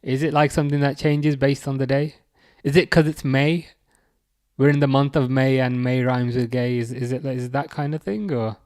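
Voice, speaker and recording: Medium-pitched and a little mellow, this man talks at an ordinary speed with fairly even intonation. He's from England and keeps a live football watchalong stream chatty, reading chat messages out loud and teasing whoever wrote them.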